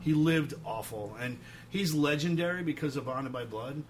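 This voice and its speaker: A man, a touring musician, telling animated road stories full of swearing and acted-out quotes. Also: fairly high pitch, normal speed, a little hiss or hum. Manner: profane, animated anecdotes acting out quotes. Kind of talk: casual storytelling.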